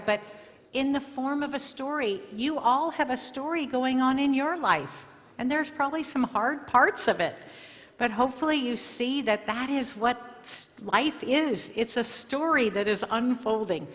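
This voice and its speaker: A woman's voice: a little high, a bit bright. Chatty storyteller woman in a hall. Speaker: visiting storyteller and singer. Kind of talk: answering questions at a school assembly. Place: school auditorium. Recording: long hall reverb, faint music.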